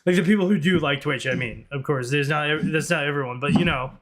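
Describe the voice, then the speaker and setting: A man's voice: fairly high pitch, quick pace, a bit bright. A man streaming live, reacting to clips in a loose, rambling way and swearing freely.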